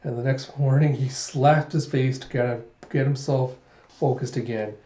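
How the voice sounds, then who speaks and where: Mellow-voiced man recapping a manga. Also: mid-range voice, fairly even intonation, measured pace, reverberant, highs cut off. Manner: recaps with "he's like", acts out lines. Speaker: manga reviewer. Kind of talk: casual comic readthrough.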